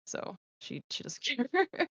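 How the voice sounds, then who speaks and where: A woman streamer chatting as an interview guest, telling stories in a loose, animated way. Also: high voice, slow pace, vocal fry, breathy edge, dry recording. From Southern California. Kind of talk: casual interview chat.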